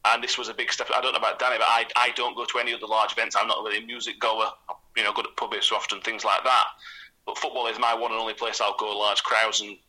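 A man's voice: on the low side, little pitch movement, fast talker, pushed and bright, breathy edge, poor audio. A young man, a football fan guest, chatting casually with eager, rambling explanations. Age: young adult. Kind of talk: casual chat.

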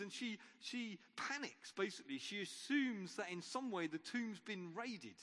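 A man's voice: high-pitched, expressive, unhurried, fairly bright tone. A man preacher giving an Easter sermon in an informal storytelling way, with wry asides. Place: church. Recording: long reverb of a church.

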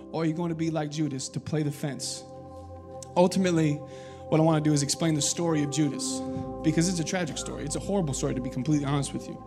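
A young man, a pastor, preaching a sermon, telling a story and building to loud, urgent exhortation. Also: fairly high pitch. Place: church sanctuary.

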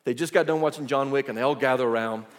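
A male pastor delivering a sermon, telling the story in a lively, casual way with asides. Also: medium pitch, fast. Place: church sanctuary. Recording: echoey church hall.

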